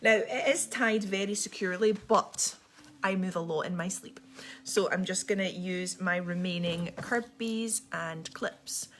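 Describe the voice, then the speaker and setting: A young Scottish woman with a posh accent, chatting quickly and rambling through a casual livestream. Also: lowish voice. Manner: fast, chatty, rambling with many ums. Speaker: livestream host.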